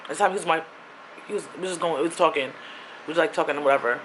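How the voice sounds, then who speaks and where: A woman's voice: low-pitched, racing, fairly bright tone, slight background noise. A young woman from Queens in New City, telling a rambling storytime with lots of asides. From New York City (Queens). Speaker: vlogger.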